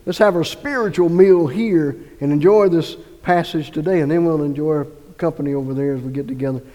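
A man's voice: fairly high pitch, a little fast, warm tone. A man preaching a sermon as pastor, emphatic, with restarts and swells of emphasis. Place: church sanctuary. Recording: long church reverb.

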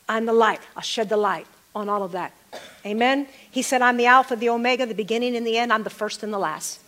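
High bright-voiced woman preaching. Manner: call-and-response, repeats phrases for emphasis. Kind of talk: sermon.

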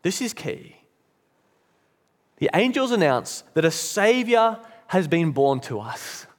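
This preacher's voice swings widely in pitch and moves at a slow pace. He's earnest and emphatic, letting his voice fall low and soft at important points. The sermon is recorded in a church with long reverb.

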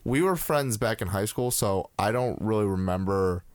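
A man's voice: fairly low pitch, animated, normal speed, no echo. A young man co-hosting a podcast, chatting casually and rambling with restarts and swearing. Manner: rambling, swears freely, many restarts and fillers. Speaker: podcast co-host.

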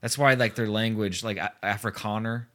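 Bright-voiced rambling podcast man. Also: fairly low pitch, steady tone, moderate pace. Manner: rambling, trailing off with fillers. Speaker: podcast co-host. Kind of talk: casual chat.

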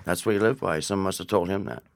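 Gravelly deep-voiced Canadian man. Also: fast, no room sound. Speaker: stage actor, guest. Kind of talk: anecdotal interview chat.

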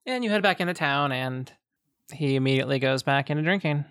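A woman's voice: low-pitched, lively intonation, fairly quick, clean tone, no echo, studio quality. A woman game master narrating a tabletop game in a rambling way, with lots of restarts and laughs.

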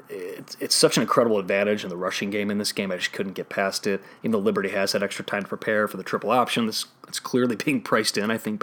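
A man with a Chicago accent hosting a solo sports betting podcast, talking through analysis and often restarting his phrases. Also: fairly low pitch. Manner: analytical, restarts phrases, trails off quietly at ends.

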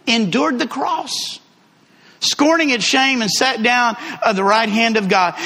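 A man preaching a sermon, telling a travel story with lively emphasis and repeated phrases. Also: extremely high pitch. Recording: long hall reverb.

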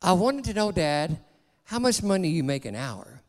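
A man voicing a small, neglected boy who speaks softly and hesitantly in a sermon story. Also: a little high, sing-song, moderate pace, long reverb tail. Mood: timid.

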